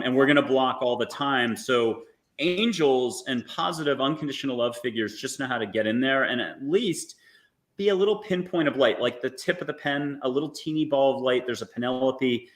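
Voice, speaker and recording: Animated man guiding listeners. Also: mid-range voice. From United States. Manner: animated, coaxing, joking. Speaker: guest, angel intuitive. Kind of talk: guided visualization talk.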